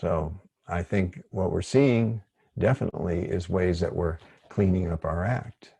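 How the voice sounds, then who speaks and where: Deep gravelly man giving a workshop talk. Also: measured pace, no room sound. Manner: rambling, gentle and digressive. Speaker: workshop facilitator.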